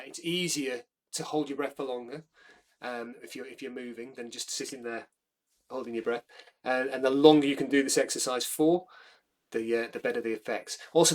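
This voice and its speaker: A man leading a breathwork class, calmly talking listeners through each step with frequent fillers and self-corrections. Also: medium pitch. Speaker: breathwork instructor.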